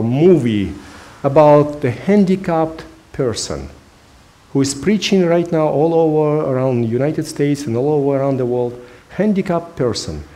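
A man's voice: fairly high pitch, dark tone. Earnest preaching man, non-native English. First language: not English. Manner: earnest, emphatic preaching with frequent hesitations. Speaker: pastor. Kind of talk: sermon.

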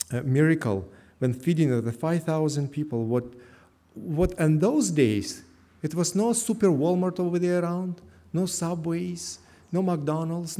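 A pastor delivers a sermon in a church, his voice fairly high yet dark in tone. He speaks earnestly, repeating his key phrases, and his grammar is slightly non-native.

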